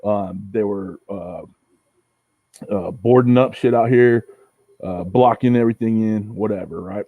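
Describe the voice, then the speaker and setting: A man from Southern California chats as a livestream guest. He swears a lot and acts out quoted arguments with animated energy. His voice comes through muffled and dry. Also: lowish voice, measured pace, no echo. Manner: profane, animated storytelling, acts out quoted exchanges. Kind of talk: casual livestream chat.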